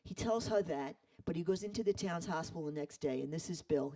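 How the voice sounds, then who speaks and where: A man retelling a story in an animated way, acting out the quoted voices. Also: a little high, fairly quick, distant mic, poor audio. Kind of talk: storytelling talk.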